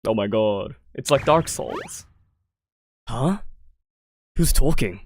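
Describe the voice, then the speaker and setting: A woman's voice: rumbling low, sing-song, slow pace, a little hiss or hum. An Australian woman streamer chatting casually through a game playthrough, laughing and swearing as she rambles.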